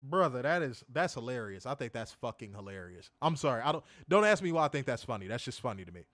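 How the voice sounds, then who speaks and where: A man casually reviewing a wrestling show on a livestream, animated and profane, full of slang, reading viewer chat aloud. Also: mid-range voice, quick pace, no echo, clean studio sound.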